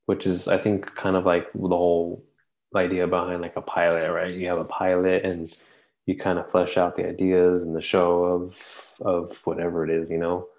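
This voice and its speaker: Low gravelly man, casual podcast chat. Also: monotone, moderate pace, dull audio. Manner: rambling, hesitant with frequent restarts. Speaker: podcast co-host.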